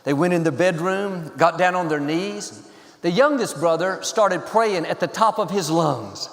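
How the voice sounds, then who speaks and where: A pastor warms up his congregation with jokes, his fairly high voice carrying upbeat, well-paced humor. He is recorded live in a large church auditorium, where the sound rings out in a long reverb. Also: expressive. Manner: upbeat joke-telling with pauses. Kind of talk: sermon opening joke.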